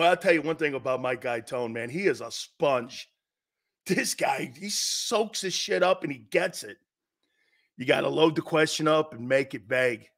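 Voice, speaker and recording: A middle-aged man hosting casual sports talk, lecturing with lots of rhetorical questions and an animated delivery. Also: sits high.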